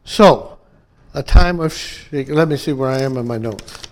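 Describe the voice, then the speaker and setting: A man's voice: medium pitch, unhurried. A pastor from upstate New York delivering a conversational sermon to his church, often checking in with the congregation by asking "okay?" and "amen?".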